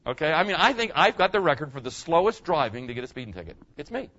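Pastor guy telling stories in church, kinda high voice that swings all over, muffled lo-fi recording. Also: big pitch swings, fast, sharp tone. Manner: folksy, repeats his point, talks straight to the congregation. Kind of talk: storytelling sermon.

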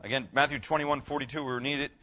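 A man's voice: medium pitch, steady tone, quick pace, bright, forceful tone. A man preaching a sermon as pastor, emphatic, putting questions to his congregation. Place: room with a congregation. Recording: dull lo-fi recording.

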